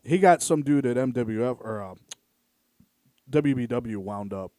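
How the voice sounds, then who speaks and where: A man's voice: medium pitch, animated, unhurried, dark tone, no room sound. Rambling profane man, dry close sound. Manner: rambling, full of "like" fillers, profane. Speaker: podcast host. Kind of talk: casual storytelling chat.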